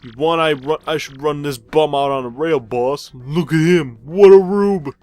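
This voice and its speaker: A man's voice: fairly high pitch, moderate pace, darkish tone, no echo, pitched above the performer's own voice, close to an everyday voice. A man voicing a surly mobster henchman with a put-on tough-guy accent, reading game dialogue aloud. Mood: threatening.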